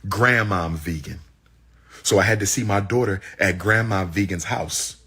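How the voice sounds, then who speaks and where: A man's voice: low-pitched, measured pace, pushed and bright, breathy edge. A man telling an audience his personal story in a heated, exclaiming way, repeating phrases for emphasis. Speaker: public speaker.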